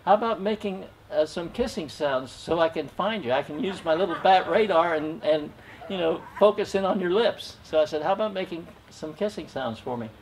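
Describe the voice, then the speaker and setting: Older male storyteller at an open mic; folksy, chuckling delivery, a bit high-pitched, faint noise behind. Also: animated. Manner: gentle, chuckling, folksy pauses.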